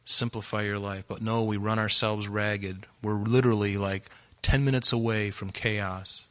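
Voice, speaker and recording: A man preaching an earnest sermon, exhorting his listeners and swinging between loud emphasis and hushed, quiet lines. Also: lowish voice, moderate pace. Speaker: pastor.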